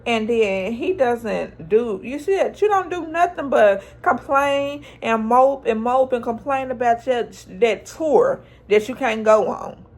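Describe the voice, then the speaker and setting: Woman, unhurried chatty TV recap, slangy storytelling, gravelly edge. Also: on the high side, expressive. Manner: chatty storytelling with slang, acting out the characters' lines. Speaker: TV episode recapper. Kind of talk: casual TV recap.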